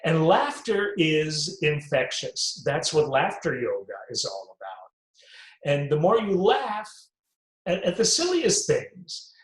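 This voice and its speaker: Man, wellness show host, lively rising and falling pitch, echoey room. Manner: animated, emphatic, slow deliberate delivery. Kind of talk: health and wellness talk to camera.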